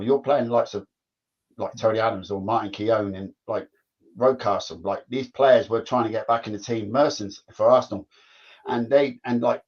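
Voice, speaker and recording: A man, a former footballer telling stories in casual chat, rambling and repeating himself. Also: medium pitch. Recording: dull lo-fi sound.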